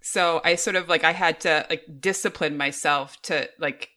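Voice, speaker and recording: Low, bright-toned woman telling a story. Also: moderate pace. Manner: expressive, open, storytelling. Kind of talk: casual conversation.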